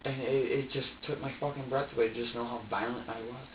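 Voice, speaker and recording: A man's voice: mid-range voice, flat delivery, a little hiss or hum. Man in an echoey interrogation recording. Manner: halting and repetitive, restarting sentences, quoting himself. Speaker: suspect being questioned by police. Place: police interview room. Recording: echoey, distant, dull lo-fi room recording.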